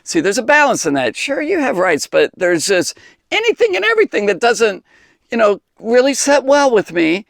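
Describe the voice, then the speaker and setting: A man's voice: sits high, sing-song, moderate pace, creaky, fairly bright tone, no echo, clean studio sound. A man giving an earnest Bible teaching, impassioned and rambling, with many restarts and fillers.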